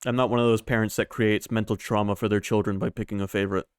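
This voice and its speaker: A man's voice: on the low side, flat delivery, quick pace, smooth, dry recording. A man streaming, giving casual wry reaction commentary and swearing freely, on a close mic.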